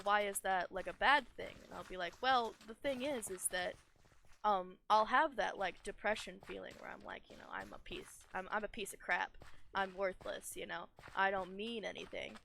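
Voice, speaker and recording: A young adult gamer rambles loosely while playing, mocking themself and leaning on filler words. The voice is bright and sharp in tone and sits at a middle pitch. A faint hiss runs under the home desk-mic recording. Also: gravelly. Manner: rambling, self-deprecating, full of "like" and "you know". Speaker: gaming YouTuber. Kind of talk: casual gaming commentary chat.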